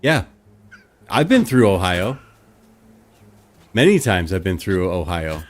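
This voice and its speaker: A man with a fairly low voice, chatting loosely with his stream viewers. He rambles from one story to the next with lots of "like" and "you know" along the way. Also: very animated, slow pace. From Canada. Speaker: live streamer. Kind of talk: casual chat with stream viewers.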